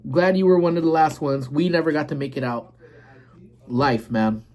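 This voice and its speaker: A man's voice: fairly high pitch, animated, normal speed, darkish tone. A man in his forties hosting a casual live stream, rambling and greeting viewers while eating.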